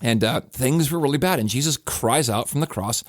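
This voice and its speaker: Man, pastor, podcast reflection, earnest, conversational, emphatic restarts, average pitch, dry close sound. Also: moderate pace, no room sound.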